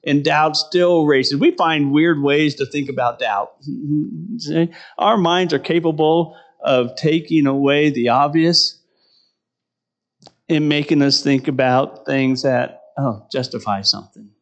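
A man's voice: a little high, slow, dull audio. A middle-aged man preaching a sermon in a conversational way, often asking "right?" and laughing between points.

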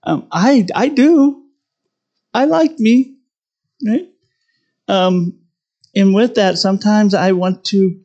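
A man's voice: sits high, creaky, a little mellow, muffled recording. A middle-aged man preaching a conversational sermon, poking fun at himself and often asking "right?". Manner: conversational, self-deprecating, tags lines with "right?". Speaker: pastor.

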